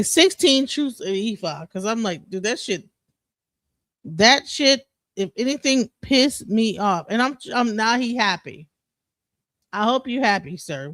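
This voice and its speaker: A bright, sharp voice tears through a casual livestream rant. The speaker is heated and swears freely, restarting sentences and stumbling over repeated words. The sound is close and dry, with no room around it. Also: mid-range voice, dry recording. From Detroit. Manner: profane, heated and emphatic. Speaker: livestream host.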